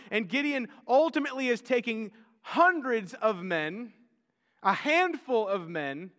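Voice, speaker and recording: A male pastor with an extremely high, pushed, bright voice preaches a conversational sermon. He often repeats words and acts out the figures he quotes, and the recording carries a long hall reverb.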